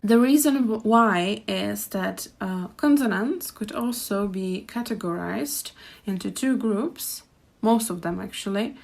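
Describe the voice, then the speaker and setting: A young Czech-accented woman gives a pronunciation lesson, carefully repeating words for learners. Her voice is medium-pitched, gravelly and darkish, fitting her role as a language teacher.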